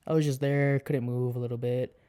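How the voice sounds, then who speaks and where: Chill young guy on a podcast, dark mellow voice, easygoing chat. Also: medium pitch, brisk, smooth. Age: young adult. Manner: laid-back, relaxed storytelling. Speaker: podcast guest, college student. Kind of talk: casual chat.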